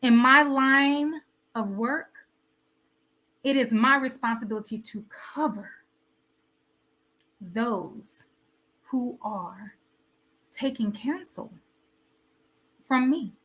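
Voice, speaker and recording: Bright, high-voiced woman host preaching. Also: drawn-out words, long pauses. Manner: preachy, rhetorical questions and repetition. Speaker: host of a wellness show. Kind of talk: motivational live talk.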